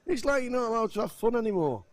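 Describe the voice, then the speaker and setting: A man co-commentating live poker, agreeable and quick to banter and laugh. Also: very high voice, very animated, no echo.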